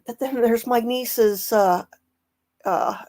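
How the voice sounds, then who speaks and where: A middle-aged woman offers slow, casual true crime commentary in a gravelly voice with vocal fry, a little high and a little mellow. She rambles, restarts sentences, and relies on fillers.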